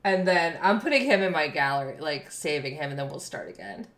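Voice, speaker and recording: A woman's voice: deep voice, lively intonation, brisk, fairly bright tone. Bubbly woman streamer in echoey room. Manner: bubbly, reads and thanks chat, laughs often. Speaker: game streamer. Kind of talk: live game stream chat. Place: home room.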